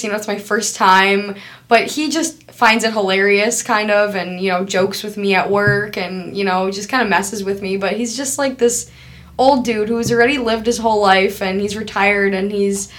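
A woman's voice: medium pitch, a bit bright. A woman in her twenties telling a story in a casual chat, easygoing and full of filler words.

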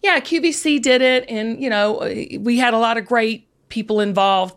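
A woman guest in casual chat, an excited, gushing storyteller who gets emotional. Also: fairly high pitch, normal speed, hardly any pauses. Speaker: podcast guest, TV seller.

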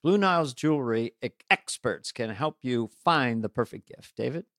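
A man's voice: medium pitch, expressive, normal speed, a bit bright, no echo. Man, podcast co-host, playful ad read, chuckling asides, dry sound.

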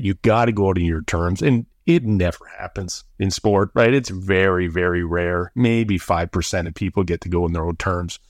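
Man, middle-aged, from Canada, interview guest, deep voice, dry close sound, animated storyteller. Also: dry recording. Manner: animated, acts out quoted voices when recounting. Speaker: former pro football player, interview guest.

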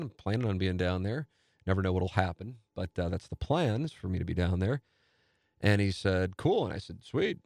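A man with a St. hosts his own podcast, talking on his own in a loose, rambling way. He sounds eager and pokes fun at himself. His voice sits a little low, recorded close and dry with no room sound. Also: dry recording. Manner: rambling, enthusiastic, self-deprecating. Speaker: podcast host. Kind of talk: casual solo podcast talk.

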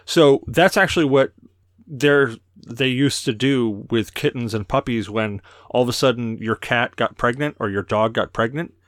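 A man's voice: mid-range voice, moderate pace, a bit bright, dry recording, clean studio sound. Crude, tipsy podcast host man. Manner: crude, storytelling, laughs often. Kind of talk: casual podcast chat.

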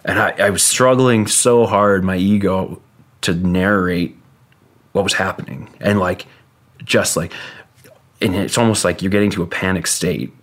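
Low-voiced guy rambling through a story, lots of "like" and cussing, super casual. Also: fairly even intonation. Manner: rambling, halting, heavy with "like" and swearing.

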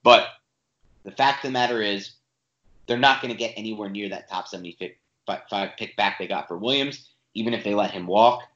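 A man with a fairly low voice talks animatedly on a podcast, pressing his points and restarting sentences as he goes. The recording has a roomy echo and a slightly muffled, dull sound. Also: moderate pace. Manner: animated, emphatic, with frequent restarts. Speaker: podcast co-host. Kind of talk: casual sports podcast talk.

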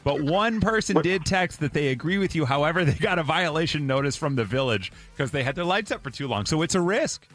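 A man hosting a morning radio show, playful and quick to laugh. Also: on the high side, lively intonation, a bit bright, faint music behind. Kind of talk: casual radio banter. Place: radio studio.

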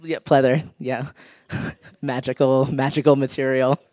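A man's voice: mid-range voice, level tone, unhurried, a little mellow, no room sound. A man telling a humorous personal story on stage, laughing often and acting out the people he quotes. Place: live stage show.

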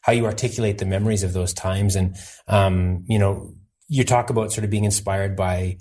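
A man interviewing a guest, asking thoughtful questions with halting restarts. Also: low-pitched, fairly even intonation, mellow. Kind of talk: conversational interview.

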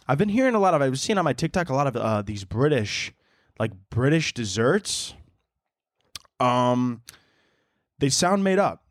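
With a medium-pitched voice on a dry, studio-quality recording, this young podcast host goes it alone. He rambles through a comedic monologue, swearing, mocking himself and cracking up at his own jokes.

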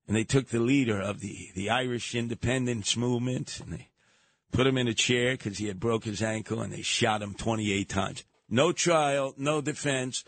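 A man hosting a talk radio show in a sarcastic, animated manner, slipping into mocking voices. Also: medium pitch, creaky, no room sound.

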